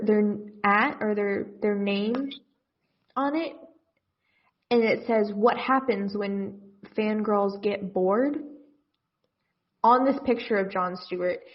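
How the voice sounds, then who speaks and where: A woman co-hosting a comedy podcast, chatting casually and reading fanfiction aloud with a rambling, self-interrupting manner. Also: on the high side. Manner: rambling, self-interrupting, reads text deadpan. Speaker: podcast co-host. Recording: dull lo-fi podcast audio.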